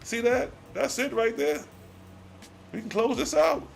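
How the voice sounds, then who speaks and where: A man hosting a live scripture study, reading archaic verses slowly and then explaining them in slangy casual talk. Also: extremely high pitch, sing-song, gravelly, a little hiss or hum. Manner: alternates slow archaic reading with slangy commentary.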